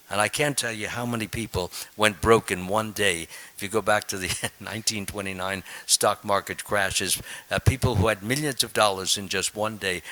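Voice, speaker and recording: Bright-voiced older man preaching. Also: low-pitched, rough recording. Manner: earnest, repeats words, many uh fillers, light chuckles. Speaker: swami giving a Sunday feast lecture. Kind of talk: sermon.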